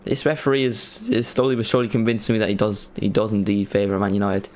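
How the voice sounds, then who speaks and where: A young man casually commentating a live football watchalong, chatting and bursting into excited reactions. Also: fairly low pitch, fast. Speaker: streamer hosting a match watchalong.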